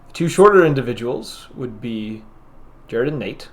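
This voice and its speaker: A man narrating as game master of a tabletop role-play, describing the scene with halting fillers. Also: medium pitch, lively intonation.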